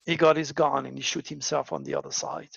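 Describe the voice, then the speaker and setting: A man's voice: a little high, fairly even intonation, brisk, gravelly, fairly bright tone, breathy edge, dry recording, dull audio. A man telling a personal story in a dramatic monologue, often repeating words for emphasis. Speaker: astrology show host.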